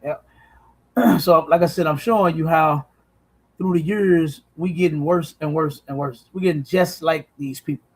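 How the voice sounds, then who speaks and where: A man hosting a podcast, preaching emphatically with profanity and repeated "you understand?". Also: a little high. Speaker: podcast host.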